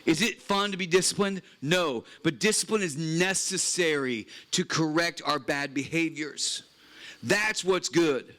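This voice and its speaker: A man preaching with earnest emphasis in a slightly higher-than-usual voice. He reads scripture aloud and circles back to key phrases, speaking to a retreat crowd in a chapel. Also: measured pace, bright, forceful tone. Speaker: pastor. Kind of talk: sermon.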